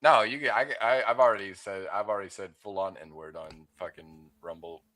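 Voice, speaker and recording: A man's voice: lowish voice, brisk, sharp tone. A young man on a casual voice-call panel, rambling and laughing at his own jokes. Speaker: panel guest. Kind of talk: casual chat.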